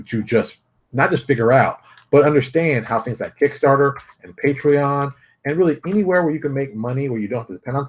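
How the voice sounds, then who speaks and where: A middle-aged man hosting his own show from his home office, ranting bluntly and casually. His voice keeps jumping high and dropping low as he presses his points. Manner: blunt, animated ranting with big pitch jumps. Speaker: host. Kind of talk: casual solo vlog commentary.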